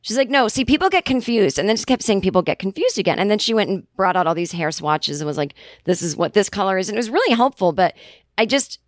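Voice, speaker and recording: A podcast host in her forties rambles through an animated, casual story, voicing both people in a conversation and cursing without restraint. She speaks fast at a medium pitch. The recording is close-miked and fully dry, with no echo at all.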